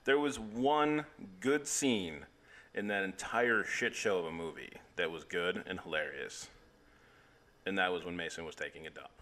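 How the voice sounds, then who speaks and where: A man's voice: low voice, normal speed, a bit bright. A man co-hosting a casual comedy movie podcast, talking enthusiastically and often repeating words as he searches for them. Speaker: podcast co-host.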